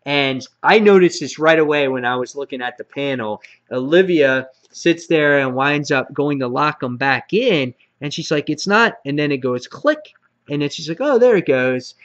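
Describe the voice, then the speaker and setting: A man's voice: on the high side, lively intonation, moderate pace, fairly bright tone, highs cut off. Man hosting a rambling comic review. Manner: rambling with frequent fillers and restarts. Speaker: comic book reviewer and channel host. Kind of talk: casual video review.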